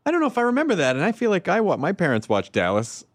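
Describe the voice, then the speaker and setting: A man from the American South hosting a casual chat, animated and quick to laugh. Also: sits high, no room sound, studio quality.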